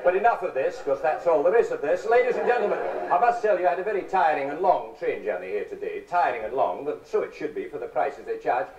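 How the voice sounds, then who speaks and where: His voice on the high side, animated and a little mellow, an English comedian in his forties works a large theatre with wry, punning music hall patter and quick audience asides. Laughter fills this roomy, distant, dull 1970s theatre broadcast.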